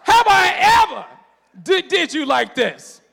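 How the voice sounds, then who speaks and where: A man voicing a talking male donkey who brays and pleads loudly in a high voice. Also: sing-song, slow pace, gravelly, exaggerated voice. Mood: pleading. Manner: braying hee-haws, shouted and high.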